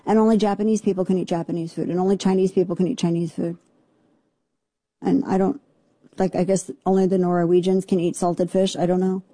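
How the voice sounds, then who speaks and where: A woman's voice: lowish voice, warm tone, no room sound. A woman hosting a talk radio show, giving indignant, sarcastic commentary.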